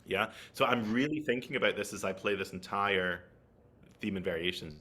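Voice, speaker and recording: A man's voice: fairly low pitch, normal speed, sharp tone. A man giving an online flute masterclass, explaining technique and checking in with his listeners as he goes. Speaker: flute teacher.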